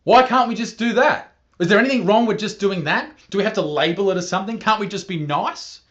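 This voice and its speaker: A man rants in exasperation, stacking profane rhetorical questions one after another. His voice is slightly high, and the audio is dull and lo-fi. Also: brisk, fairly bright tone. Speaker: commentator.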